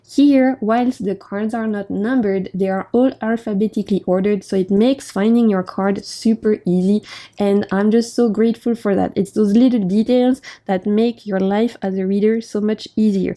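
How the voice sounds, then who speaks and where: A woman's voice: medium pitch, dark tone. A woman with a French accent, chatting in a gushing, enthusiastic way as she reviews a tarot deck. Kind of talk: casual review chat.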